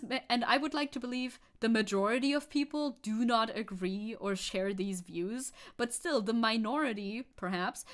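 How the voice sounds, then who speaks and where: A woman streaming live, chatting casually and reading news and chat messages aloud, opinionated, swearing casually and laughing often. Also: a little high. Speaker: VTuber streamer.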